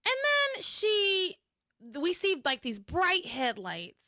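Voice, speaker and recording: A woman hosting a podcast in casual recap chat, animated and acting out characters in shrill voices. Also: takes it slowly, dry recording, studio quality. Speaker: podcast host.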